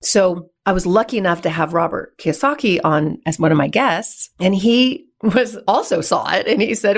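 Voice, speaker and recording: Woman guest, low-pitched, animated storyteller who laughs a lot. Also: normal speed, few pauses. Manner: animated, laughs often, acts out dialogue. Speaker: podcast guest, real estate investor. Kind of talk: conversational storytelling.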